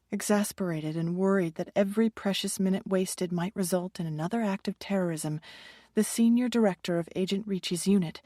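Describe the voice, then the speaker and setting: A woman reads a suspense audiobook in a measured, steady manner. Her voice sits a little low for a woman, and the recording is close and dry with no room sound. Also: no room sound. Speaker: audiobook narrator. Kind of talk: scripted audiobook narration.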